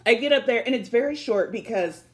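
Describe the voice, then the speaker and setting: A woman's voice: on the high side, fairly quick. A woman podcast co-host in casual chat, telling stories with lots of acted-out quotes and frequent laughter. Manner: animated storytelling, acting out quotes, laughing often. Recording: echoey room.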